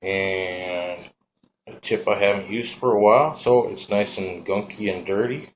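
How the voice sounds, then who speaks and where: A very low-voiced man with a Minnesotan accent talks in a laid-back, folksy ramble while showing off his gear. Faint noise hums under the recording. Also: unhurried. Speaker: vaping hobbyist vlogger. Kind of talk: casual hands-on demo.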